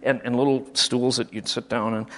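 A medium-pitched man speaking at a moderate pace tells funny stories about his old school teachers. He's from Michigan, and his casual, animated storytelling features acted-out quotes and frequent restarts.

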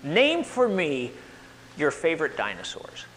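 A man lectures to a live audience with a high, lively voice that rises and falls all over the place, getting worked up and throwing questions at the crowd. His voice carries a long hall reverb, with a faint hum underneath. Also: a little slow. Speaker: speaker at a live talk.

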